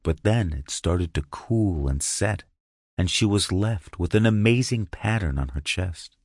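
Super deep husky guy reading an erotic audio story, slow and hushed, dry close mic. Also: lively intonation, no echo. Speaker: narrator.

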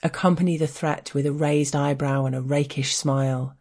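A woman's voice: deep voice, fairly even intonation, normal speed, a little mellow. An Englishwoman reading her own frank personal essay aloud in a wry, candid, playful way.

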